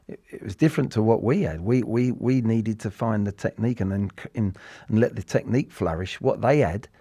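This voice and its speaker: A man's voice: on the low side, warm tone, no echo, studio quality. An English man in his sixties, a former footballer talking in a rambling, reflective way with many restarts as an interview guest. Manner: rambling, with frequent restarts and repeated words. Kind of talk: casual reflective interview talk.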